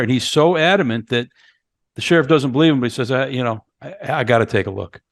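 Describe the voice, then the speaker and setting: A man's voice: medium pitch, fast talker, dry recording, clean studio sound. A man co-hosting a horror movie podcast, casually recapping film scenes and acting out characters' lines. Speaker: podcast co-host. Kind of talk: casual movie review chat.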